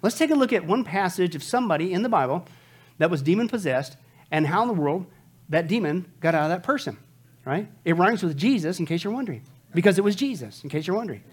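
Emphatic high-voiced male preacher. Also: lively intonation, fast talker, breathy edge. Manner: emphatic, asks rhetorical questions. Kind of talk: sermon.

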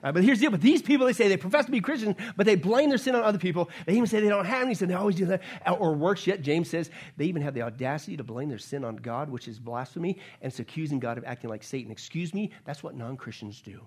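Man, pastor, sermon, high voice, emphatic, question-and-answer delivery. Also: expressive, fast, hardly any pauses, darkish tone, slightly rough. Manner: emphatic, asks the congregation questions and answers them. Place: church sanctuary.

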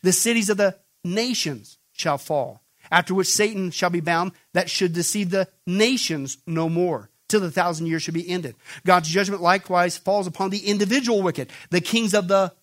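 A man's voice: high-pitched, normal speed, hardly any pauses, a bit bright. A male pastor preaching an emphatic sermon, often throwing questions back at the congregation. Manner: emphatic call-and-response questioning.

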